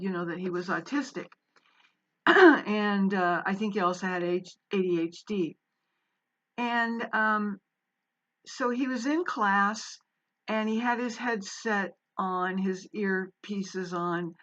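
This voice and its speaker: A woman's voice: medium pitch, a bit bright, muffled recording. A woman and former college English teacher telling a personal story in a casual, meandering way, with many fillers and restarts.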